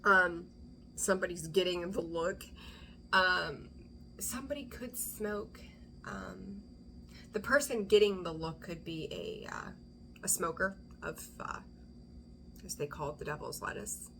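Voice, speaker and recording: Casting note: a woman tarot reader with a lowish voice, digressive and chatty, slipping into whispers. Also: a little slow, creaky, long pauses, bright, forceful tone, a little hiss or hum. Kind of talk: casual intuitive tarot reading.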